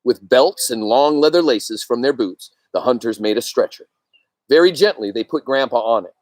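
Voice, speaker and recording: A man reading a novel aloud with expressive delivery, pausing for asides to his listeners. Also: medium pitch, dry recording. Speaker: reader.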